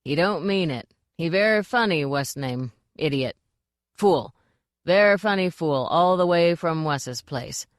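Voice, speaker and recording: A woman's voice: deep voice, lively intonation, unhurried, dry recording, studio quality. A woman voicing a drunk male dwarf playwright who slurs and fumbles his words. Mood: slurred. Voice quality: slurred, fumbling speech.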